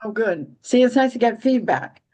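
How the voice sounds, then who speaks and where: A woman's voice: a little high, lively intonation, normal speed, mellow. A woman hosting a casual astrology chat, rambling with many restarts and dry, giggly humor. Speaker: astrology podcast host.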